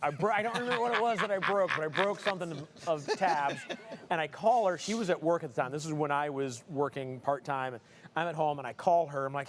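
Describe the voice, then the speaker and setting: A man's voice: fairly high pitch, lively intonation, fast, a bit bright. A middle-aged man co-hosting a live stream, telling jokey stories with frequent laughs. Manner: jokey storyteller, laughs often. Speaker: co-host of live stream show. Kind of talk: casual banter on a live stream. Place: showroom with staff working nearby.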